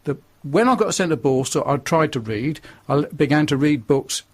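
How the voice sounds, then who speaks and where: Older man with a Northern English accent, slightly high voice, blunt and preachy, telling his story as a radio guest. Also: animated, moderate pace. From northern England. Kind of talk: radio interview testimony.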